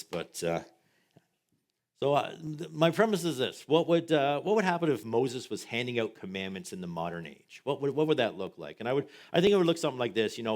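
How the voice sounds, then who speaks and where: A man preaching as pastor, closing with an earnest, halting prayer that repeats words, then telling a joke. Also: mid-range voice.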